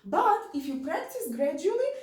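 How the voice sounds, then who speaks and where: A woman's voice: very high-pitched, sing-song, normal speed, a little mellow. A woman teaching an online dance lesson, counting beats aloud and repeating her cues. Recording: roomy sound from far off.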